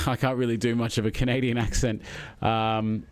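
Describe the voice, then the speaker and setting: A man's voice: mid-range voice, flat delivery, normal speed, no echo. Rambling middle-aged Australian man. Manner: rambling, with many fillers and chuckles. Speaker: live-stream host. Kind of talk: casual live-stream chat.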